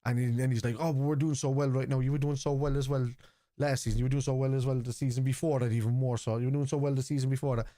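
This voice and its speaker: A man's voice: medium pitch, little pitch movement, racing, warm tone, no echo, clean studio sound. A man hosting a live football watchalong, chatting casually in a blunt, opinionated way with plenty of swearing and repeated points. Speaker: host of a football watchalong stream. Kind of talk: casual live commentary and chat.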